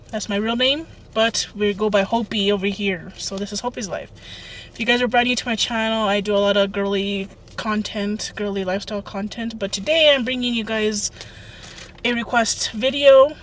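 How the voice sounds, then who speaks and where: A young woman chats through a casual vlog in a bubbly, rambling way, her voice of middling height. She sits some way from the mic in a parked car, with an air conditioner humming clearly behind her. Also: medium pitch, far from the mic, a little hiss or hum. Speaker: lifestyle vlogger. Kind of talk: casual chatty vlog talk. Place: inside a parked car under a tree. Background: air conditioner running.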